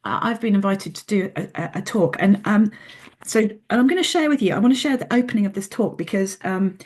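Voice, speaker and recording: A middle-aged woman, a podcast guest, telling a story in an animated way and often restarting her sentences. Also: medium pitch, a little fast. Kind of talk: casual interview talk.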